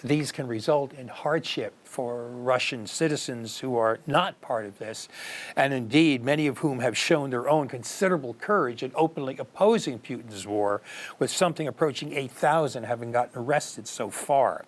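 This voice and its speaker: Man, news commentary host, scripted opinion, earnest, rhetorical questions, middle-aged, average pitch. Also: moderate pace. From United States.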